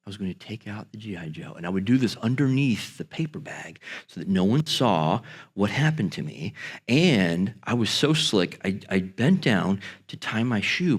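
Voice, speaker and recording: A pastor telling a story about his boyhood, vivid, jumping up into a high voice when acting out his younger self. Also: a bit bright. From Michigan. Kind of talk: storytelling to a congregation.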